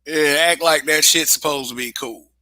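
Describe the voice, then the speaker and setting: A man's voice: a little high, moderate pace, bright, forceful tone, no room sound. A man hosting a casual livestream monologue, blunt and profane, laughing often. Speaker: show host.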